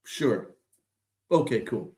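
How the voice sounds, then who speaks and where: A man's voice: medium pitch, expressive, slow pace, dark tone. A man hosting a sports podcast, ranting with sarcastic, exasperated, profane commentary. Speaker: podcast host.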